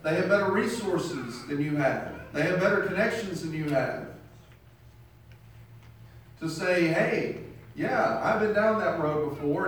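In a very echoey room and recorded from far off, with slight background noise, a man preaches a sermon and tells illustrations. His voice is a little high and fairly bright, and he acts out the voices of the people in his stories.

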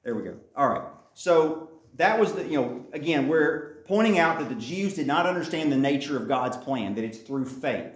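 A man's voice: fairly high pitch, lively intonation, normal speed, echoey room. A man teaching a Bible study, reading scripture aloud and then explaining it, repeating his key points.

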